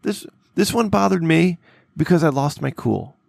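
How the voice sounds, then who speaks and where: A man's voice: a little high, expressive, moderate pace, creaky, a little mellow, dry recording, studio quality. A man co-hosting a podcast, telling a work story in a rambling way, with many restarts and tag questions like "okay?" and "right?". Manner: rambling, repeats words, checks in with "okay?" and "right?". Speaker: podcast co-host; workplace boss. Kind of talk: casual storytelling chat.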